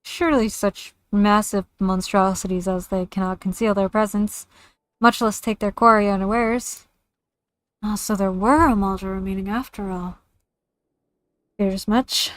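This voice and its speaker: A woman reads out a dutiful camp leader from a fantasy game, formal and steady in his lines. The voice sits at an ordinary middle pitch, earnest rather than theatrical. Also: lightly acted. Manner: formal, measured reading of game dialogue. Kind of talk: reading game dialogue aloud.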